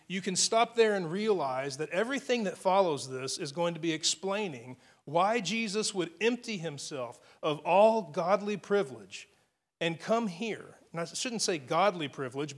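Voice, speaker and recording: A man preaching a sermon, earnest, stopping often to restart a phrase and add "I mean" asides. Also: on the high side. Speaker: pastor.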